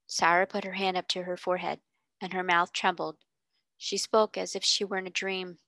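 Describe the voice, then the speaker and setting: A woman tutor reading a classic novel aloud in clear, steady storybook narration. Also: fairly low pitch, normal speed, no echo.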